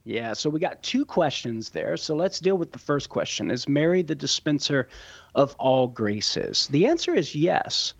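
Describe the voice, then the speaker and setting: A man explaining church teaching on a radio call-in show, measured and teacherly, laying out points step by step. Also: fairly high pitch, very animated, creaky, no echo, highs cut off. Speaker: guest Catholic apologist answering questions.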